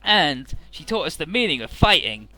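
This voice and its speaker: A calm, dutiful twin robot, as a man paraphrasing game dialogue puts it on, matter-of-fact in delivery. The voice is bright and lively, set a little high. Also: normal speed, soft background music, full character voice, low-quality recording.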